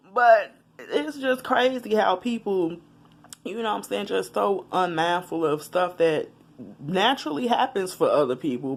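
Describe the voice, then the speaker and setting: A woman talking frankly and emotionally straight to her viewers in a personal vlog, laughing at times and holding back tears at others. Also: lowish voice. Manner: frank and conversational, addresses viewers directly. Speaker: vlogger. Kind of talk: candid personal vlog confession.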